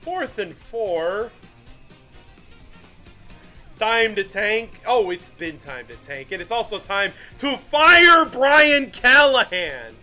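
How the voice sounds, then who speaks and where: A young man streaming live fan commentary on a football game, self-mocking and excitable, ranting at his team and greeting chat. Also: high-pitched, slow, soft background music.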